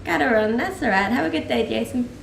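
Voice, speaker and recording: A woman's voice: fairly high pitch, lively intonation, fast talker, vocal fry, slight background noise. Chatty young Danish-born woman streamer. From Denmark. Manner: chatty and easygoing, laughs often, lots of "like" and "um". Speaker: live streamer. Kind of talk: casual live-stream chat answering viewer questions. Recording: echoey room, mic a little distant.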